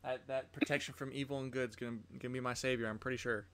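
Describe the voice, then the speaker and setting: A man's voice: mid-range voice, steady tone, fast talker, a bit bright. Playful man at the gaming table. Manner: playful, talks through his character's actions. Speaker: player. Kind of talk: casual tabletop play.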